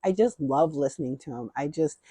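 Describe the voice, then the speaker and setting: A woman's voice: deep voice, brisk, mellow, breathy edge, no echo. A middle-aged woman chatting casually through a beauty haul, rambling and repeating herself with enthusiasm.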